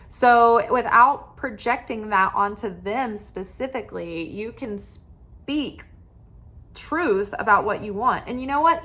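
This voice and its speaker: A woman's voice: medium pitch, sharp tone. A middle-aged woman giving spiritual love advice as a tarot reader, talking animatedly and acting out the voices of people she quotes.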